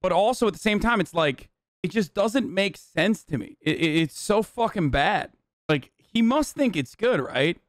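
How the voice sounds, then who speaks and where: A man's voice: sits high, animated, moderate pace, no room sound, clean studio sound. A man in his thirties commenting bluntly and with plenty of profanity while reacting to a clip on a live stream.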